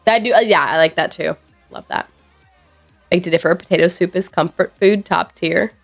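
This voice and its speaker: A woman's voice: fairly low pitch, moderate pace, vocal fry, soft background music. A woman streamer chatting casually with her viewers, rambling and reacting playfully to chat messages. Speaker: live streamer.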